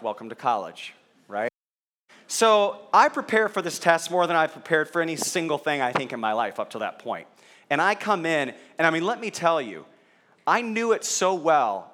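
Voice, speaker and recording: A pastor preaches to a live audience through a handheld or stage microphone, telling stories with self-deprecating humor and putting questions to the crowd. His voice is a little high with a fairly bright tone.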